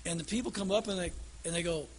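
A man's voice: sits high, quick pace, a little hiss or hum. A man preaching a sermon in a folksy storytelling way that builds to emphatic declarations.

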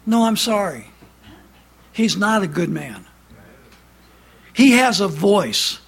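A man preaching a fiery sermon, emphatic and loud, sometimes dropping to a low intense tone. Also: big pitch swings, slow pace, gravelly, pauses often, breathy edge. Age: has adult son.

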